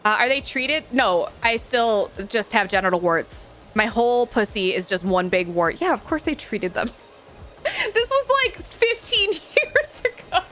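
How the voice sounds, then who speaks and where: Woman streamer, playful and frank, lively high voice, talks to chat like friends. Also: unhurried, faint music behind. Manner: frank, playful, laughs often; chatty, talks to viewers as friends. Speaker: livestreamer reading chat. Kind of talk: casual gaming stream chat.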